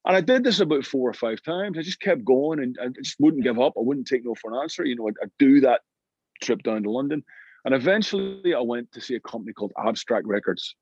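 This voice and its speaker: Scottish guy telling a long story, a bit husky, dry muffled audio. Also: medium pitch, a little fast, no room sound. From Scotland. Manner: lively anecdotal storytelling with frequent restarts. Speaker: guest musician. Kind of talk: storytelling interview.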